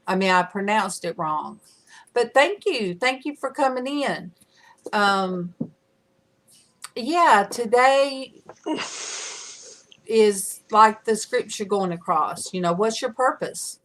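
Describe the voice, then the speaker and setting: A woman's voice: mid-range voice, a bit bright. A middle-aged woman hosting a casual livestream chat, rambling with lots of fillers. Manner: chatty, rambling with many fillers. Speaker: livestream host. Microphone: camera mic.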